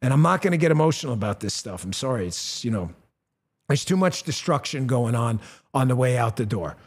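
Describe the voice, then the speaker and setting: A male talk show host with a punchy, blunt delivery who reads his own ads and turns loud and high-pitched when outraged. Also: expressive, a little fast, slightly rough. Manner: conversational, with fillers and restarts. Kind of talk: talk show monologue with ad read.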